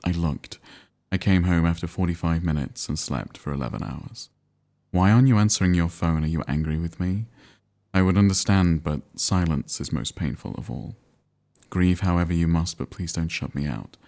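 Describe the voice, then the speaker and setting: A man reading out a grieving mother's messages in a deep voice, with formal, pleading phrasing. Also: normal speed, warm tone.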